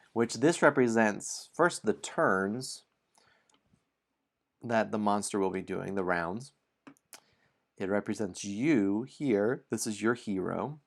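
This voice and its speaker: Slow, even-paced male game narrator. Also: on the low side, creaky. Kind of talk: narrating a solo tabletop game stream.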